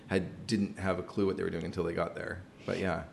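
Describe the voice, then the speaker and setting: A man's voice: sits low, level tone, fairly quick, vocal fry, a little mellow, husky. A man hosting an interview, asking questions and chiming in often with encouraging remarks. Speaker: interviewer host. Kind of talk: conversational interview.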